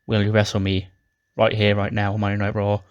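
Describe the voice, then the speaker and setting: A man's voice: lowish voice, monotone, a little fast, no room sound, highs cut off, lightly acted. Man doing a goofy starstruck wrestler. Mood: pleading. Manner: eager, pleading, rambling.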